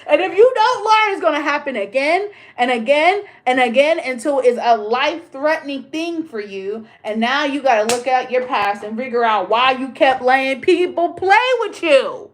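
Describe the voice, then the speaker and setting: A woman with a slightly high voice talks straight to her livestream viewers. She is blunt, emphatic and profane, ranting in a casual chat. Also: expressive, normal speed, few pauses. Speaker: livestream host.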